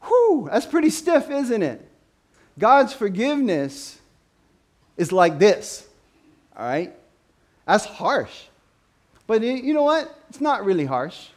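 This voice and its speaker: Male pastor, lively sermon delivery, higher-pitched voice. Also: slow, pauses often. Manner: animated preaching, rising to loud emphatic questions. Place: church.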